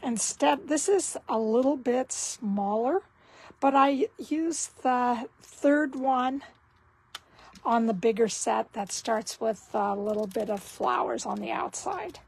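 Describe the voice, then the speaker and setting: A woman giving a casual card-making tutorial, talking slowly and thinking aloud as she works. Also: on the high side, lively intonation, creaky, husky, poor audio.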